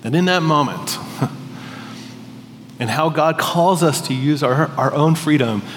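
A man's voice: fairly high pitch, slow pace. A man preaching a sermon in a conversational, storytelling way, with frequent restarts. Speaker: pastor. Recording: long hall reverb, faint noise.

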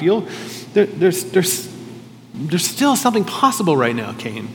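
A man's voice: high voice, very animated, unhurried, in a large hall, a little hiss or hum. A male pastor preaching a sermon in a conversational, reflective way, often questioning himself aloud.

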